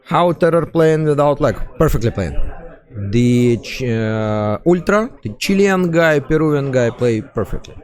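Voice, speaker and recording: A man with a Russian accent, a tournament caster chatting loosely and haltingly with many fillers on a live stream. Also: a little high, lively intonation, a little mellow. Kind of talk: casual live-stream commentary.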